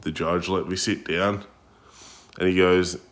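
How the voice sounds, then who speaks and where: Deep, flat-voiced Australian man. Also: a little slow. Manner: blunt, laid-back, swears casually. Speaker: vlogger. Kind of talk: casual storytelling.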